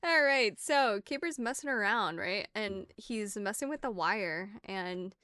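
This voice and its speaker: A woman's voice: medium pitch, expressive, a little slow, pushed and bright, clean tone, dry recording, studio quality. A woman streaming as game master of a tabletop game, narrating the action and teasing her players with laughs and swearing. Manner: giggly, swears freely, playful teasing. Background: faint music.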